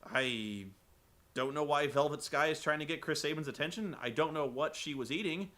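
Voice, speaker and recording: A man recapping a wrestling show for comedy, rambling and incredulous, swearing and acting out the quotes loudly. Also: on the high side, normal speed.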